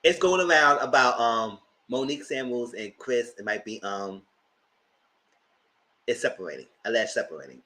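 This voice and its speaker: A man hosting a live TV review, chatting casually in a blunt, slangy, animated way. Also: mid-range voice, normal speed, rough recording. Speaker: host of a TV review channel.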